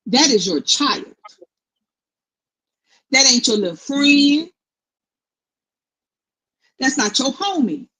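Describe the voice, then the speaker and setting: A middle-aged woman co-hosting casual commentary, blunt and opinionated in a steady, even tone. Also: high voice, takes it slowly, pauses often, husky, low-quality recording. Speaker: co-host.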